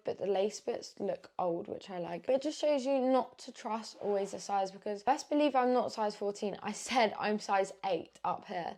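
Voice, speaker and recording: A woman's voice: mid-range voice, darkish tone. Chatty young English woman vlogger. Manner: chatty, candid, slangy. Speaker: fashion vlogger. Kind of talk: casual try-on haul chat.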